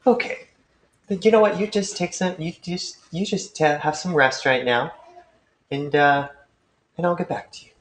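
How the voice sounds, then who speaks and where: A man's voice: on the high side, normal speed, fairly bright tone, echoey room, voice pushed up, lightly acted. A man voicing a dry, teasing female ship doctor in a tabletop game.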